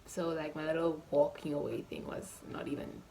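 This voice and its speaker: Animated woman telling a story. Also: sits low, normal speed, gravelly, a little hiss or hum. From Namibia. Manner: animated, emphatic storytelling with acted-out dialogue. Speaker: vlogger. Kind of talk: storytime vlog.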